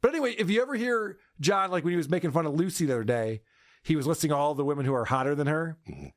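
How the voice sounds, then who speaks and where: A man's voice: fairly high pitch, lively intonation, fast, dry recording, clean studio sound. A man hosting a podcast, recapping a feud with crude, laughing sarcasm. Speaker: podcast host. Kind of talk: mocking podcast commentary.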